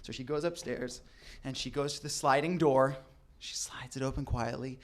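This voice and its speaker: A young adult man telling a comedic true story, animated and acting out the people in it. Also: mid-range voice, moderate pace. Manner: animated, acts out voices in quotes.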